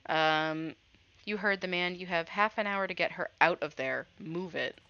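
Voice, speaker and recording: A woman voicing a commanding woman who leads a crew, brisk and bossy. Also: on the low side, bright, forceful tone, dry recording, lo-fi sound.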